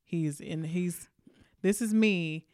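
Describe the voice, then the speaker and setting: A woman from Alabama tells a casual podcast story, full of swearing and acted-out lines of the other people in it. Her voice is smooth and clear. It sounds close and dry, with no room echo. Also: on the low side, slow, a little mellow. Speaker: podcast co-host. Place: indoor podcast studio.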